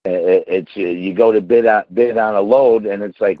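A man's voice: fairly low pitch, fairly even intonation, moderate pace, hardly any pauses, dry recording, phone-quality sound. A man talking as a trucker in casual chat, blunt and emphatic, often checking with "okay?". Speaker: owner-operator trucker, caller.

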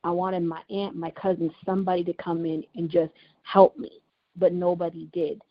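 The recording is lo-fi and dull, carrying a woman's lowish voice that barely moves in pitch and keeps a moderate pace. A podcast host and writer, she recounts a painful personal experience in an earnest, emotional way, repeating phrases for emphasis.

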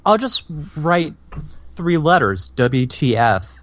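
A man's voice: on the high side, takes it slowly, a little hiss or hum. A man from Florida chatting casually on a podcast, swearing often and filling his talk with "like". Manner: animated, profane, lots of "like". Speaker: podcast host. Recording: lo-fi dull sound.

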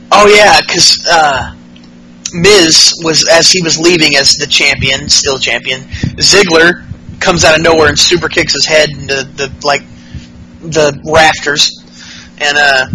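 A man's voice: a little high, sharp tone, slight background noise, poor audio. A male podcast host recapping wrestling casually, rambling and profane, with lots of fillers.

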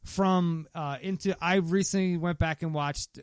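A man's voice: on the high side, fairly even intonation, measured pace, clean tone, dry recording, clean studio sound. A man co-hosting a podcast in casual, rambling chat, swearing freely and joking. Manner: rambling, profane, jokey, does mock voices. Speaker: podcast co-host.

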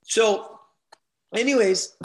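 A middle-aged man telling stories as a guest, animated and swearing freely. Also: high-pitched, slow pace, slight background noise. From Canada. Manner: animated, swears freely, retells quotes with feeling. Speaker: guest, event promoter. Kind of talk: casual storytelling.

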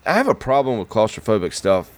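A man's voice: lowish voice, big pitch swings, fast talker. A man co-hosting a podcast, chatting casually about films and rambling with restarts. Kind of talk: casual movie chat.

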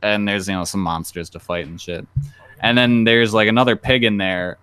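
A man's voice: lowish voice, steady tone, normal speed, bright, forceful tone, clear, resonant tone, dry recording. A man hosting a casual podcast chat, rambling through a joking story and acting out the people in it. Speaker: podcast host.

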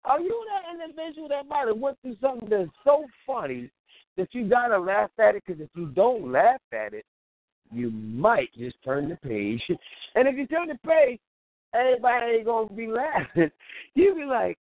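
A man's voice: high-pitched, big pitch swings, moderate pace, no room sound. A man hosting an internet radio show, talking casually, laughing often and acting out little scenes in quoted voices. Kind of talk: casual comedic monologue. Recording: tinny phone-line call-in audio.

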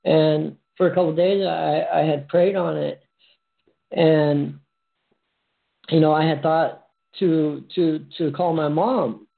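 A speaker answers in halting, hesitant conversation, full of "um" and "you know". The voice has a gravelly, creaky grain. It arrives over a thin, phone-like line. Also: medium pitch, fairly even intonation. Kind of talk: casual conversation.

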